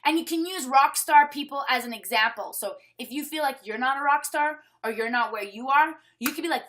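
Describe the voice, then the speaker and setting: A woman's voice: high-pitched, lively intonation, normal speed, hardly any pauses, sharp tone. A Canadian woman hosting a casual online sales training over webcam, chatty and upbeat, reading names from the chat as she talks.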